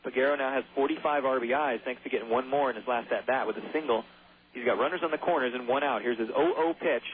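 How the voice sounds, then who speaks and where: A man's voice: medium pitch, husky. A man calling baseball play-by-play on the radio, chatty and given to jokey asides. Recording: tinny phone-like radio broadcast.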